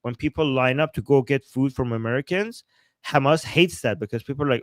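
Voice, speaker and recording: A man from Iran, hosting a live-streamed political commentary, reading chat aloud with a sarcastic, animated manner and frequent laughs. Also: medium pitch, a little fast, no echo. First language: Persian. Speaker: political commentator and livestream host.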